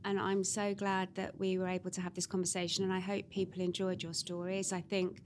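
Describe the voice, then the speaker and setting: A woman's voice: fairly low pitch, completely flat delivery, a little fast, a little hiss or hum. A woman hosting a podcast, closing an interview with effusive praise for her guest. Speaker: podcast host. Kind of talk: interview wrap-up.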